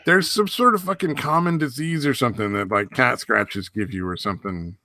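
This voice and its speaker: A man hosting a casual livestream, his voice bright and forward. He trades crude, self-deprecating jokes and laughs easily. The sound is close and completely dry, with no room around it. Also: mid-range voice, brisk, creaky, dry recording. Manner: laughing, profane, self-mocking banter. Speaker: stream host.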